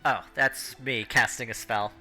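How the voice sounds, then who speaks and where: Soft music plays behind a man who serves as game master for a tabletop session. His steady, mid-range delivery is full of pauses and fillers, and he switches into loud announcer and crowd voices.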